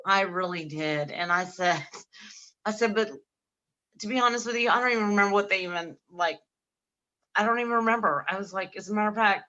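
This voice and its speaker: Bright-voiced woman telling lively stories. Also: medium pitch, fairly quick, long pauses, muffled recording. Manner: animated storyteller acting out dialogue; laughs often mid-sentence. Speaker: podcast co-host. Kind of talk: casual podcast chat.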